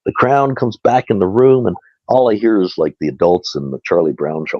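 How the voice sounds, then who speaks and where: Animated chatty man, dull dry sound. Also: on the low side, brisk, dry recording. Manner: animated, chatty, laughs often. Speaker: guest. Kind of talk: casual storytelling.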